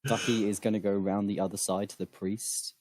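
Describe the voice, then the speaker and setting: A man playing a tabletop game, quick and joking with puns. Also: on the low side, level tone, background noise. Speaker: player. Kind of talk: tabletop game play in rhyme.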